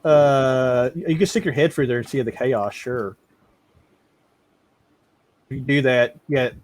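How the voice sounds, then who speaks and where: A man's voice: medium pitch, takes it slowly, a little mellow. A man narrating a tabletop game as game master, stumbling over and repeating words and laughing often.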